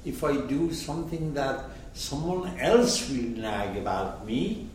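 A man explaining a story in a slow, very lively lecture voice, often checking in with his listeners. He is recorded from a distance in a strongly echoing room, with faint background noise. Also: medium pitch. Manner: rhetorical questions, checking in with listeners. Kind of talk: lecture commentary. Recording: echoey room, mic far off.

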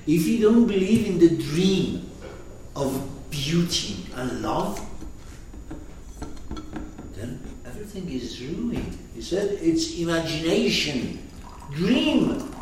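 Man, teacher, slow delivery, emphatic questions, very echoey room, faint background noise. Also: a little high, big pitch swings, a little mellow, far from the mic. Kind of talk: lecture on a poetic text.

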